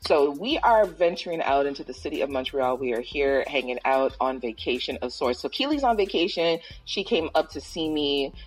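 A husky, lowish woman's voice hosts a casual podcast. Her pitch leaps around as she jokes and drops Caribbean slang. Faint music sits far behind her. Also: lively intonation, moderate pace, few pauses. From Toronto, Canada. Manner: loose, playful, mixes in Caribbean slang. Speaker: podcast host. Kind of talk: casual chat.

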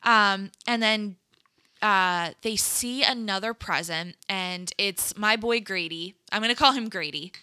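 A woman co-hosting a podcast, casually recapping a movie and acting out the characters' lines in a playful, animated way. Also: medium pitch, measured pace, clean tone, no room sound, studio quality. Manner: playful, laughing. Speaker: podcast co-host.

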